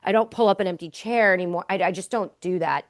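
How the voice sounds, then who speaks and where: A woman's voice: lowish voice, fast talker. A woman hosting a podcast, talking candidly and casually, often trailing off with fillers. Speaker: podcast host. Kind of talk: casual conversation.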